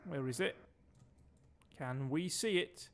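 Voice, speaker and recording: A man's voice: on the high side, takes it slowly. A man from Denmark giving chatty, sweary commentary while streaming a game and barking orders at his crew. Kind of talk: casual gameplay commentary.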